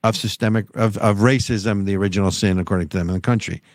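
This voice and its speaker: Guy on a politics podcast, lowish voice, sarcastic and rambly, dry close mic. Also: steady tone, fast, dry recording. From United States. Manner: wry, sarcastic, rambling with restarts. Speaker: podcast co-host. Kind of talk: casual political chat.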